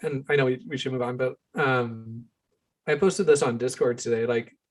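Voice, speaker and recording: A man's voice: medium pitch, moderate pace. A man co-hosting a book podcast, rambling in casual chat with many filler words. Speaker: podcast co-host.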